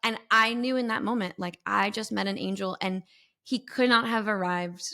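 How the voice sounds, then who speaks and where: Animated female storyteller. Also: medium pitch, normal speed. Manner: animated, expressive, sings sound effects. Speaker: podcast guest, intuitive mentor. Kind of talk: storytelling in an interview.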